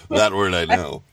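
Casting: guy, very low voice, dry close sound, joking podcast co-host. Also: no room sound. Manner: teasing, laughs often. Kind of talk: casual comedic chat.

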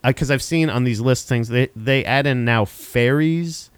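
A man's voice: mid-range voice, normal speed, smooth, no echo. A man co-hosting a podcast, rambling through casual banter and swearing freely. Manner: rambling, animated, swears and laughs often. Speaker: podcast co-host.

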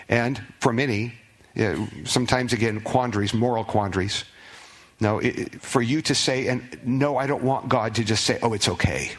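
A man's voice: on the low side, fairly bright tone, slightly rough. Conversational man preaching a sermon. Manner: conversational preaching, rises when reading scripture aloud. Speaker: pastor. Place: church sanctuary.

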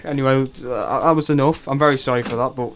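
Young radio host, rambling. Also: male voice, mid-range voice, fast, a crowd in the background. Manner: excitable, rambling storyteller. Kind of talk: casual chat.

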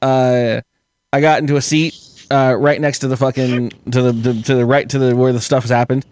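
A podcast guest with a mid-range, somewhat dark voice delivers a long, profane, wandering anecdote flatly and a bit fast. He keeps breaking into laughter while he talks.

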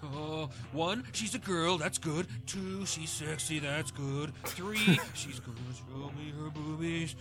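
A man's voice: on the high side, takes it slowly, few pauses, over music. A man voicing a leering man who gives eager, breathless running commentary on a slideshow of women.

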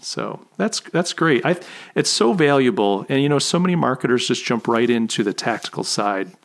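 A man hosting a podcast interview in a relaxed, chatty way. His voice sits at an everyday middle pitch and he jokes as he goes. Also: moderate pace, gravelly. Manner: chatty, laughs at own jokes. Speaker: podcast host. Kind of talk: casual interview chat.

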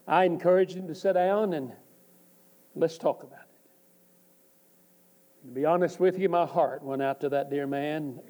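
Slow, mellow-voiced male preacher. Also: on the high side. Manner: slow, deliberate preaching with pauses. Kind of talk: sermon.

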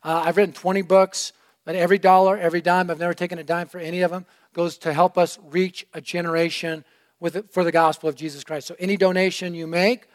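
A middle-aged male preacher telling a story in a sermon, energetic and animated, swinging from loud to hushed. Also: sits high, fast talker. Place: church room.

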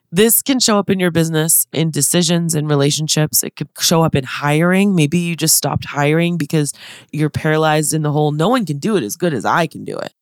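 A woman's voice: deep voice, a little mellow, no echo, studio quality. A woman in her thirties hosting a motivational podcast, talking to listeners in an upbeat, chatty, direct way. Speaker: podcast host and business consultant.

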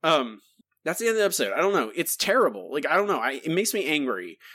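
Animated, ranting male podcast host. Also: a little high, fast. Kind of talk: casual podcast chat.

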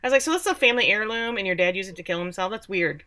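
Woman from texas, bright voice, sarcastic, animated recap, casual podcast chat. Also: medium pitch, rapid-fire. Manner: sarcastic, animated retelling with acted-out quotes. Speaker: podcast co-host recapping a show.

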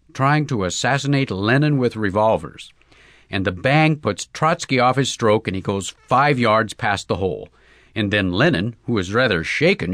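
A man voicing an excitable Russian novelist in broken English with a put-on Russian accent, effusive and exclamatory. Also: mid-range voice, no room sound, studio quality, lightly acted.

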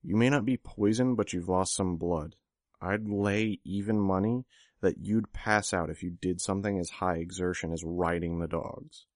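A man voicing a sharp, confident young woman in an audiobook, brisk and a little exasperated. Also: low-pitched, fairly even intonation, dry recording, studio quality, lightly acted. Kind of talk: audiobook character voice.

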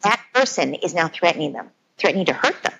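A woman's voice: fairly low pitch, very animated, fast, gravelly, a bit bright, slightly rough, poor audio. A woman speaking as a parenting expert, earnestly explaining her ideas through everyday scenarios. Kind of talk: conversational explanation.

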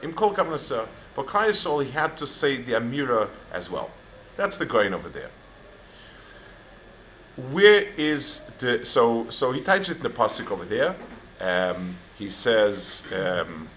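A man's voice: medium pitch, a bit bright. Guy teaching torah, lots of restarts, kinda muffled recording w faint hiss. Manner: halting, many restarts and fillers, mixes Hebrew and Yiddish terms. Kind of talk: Torah class.

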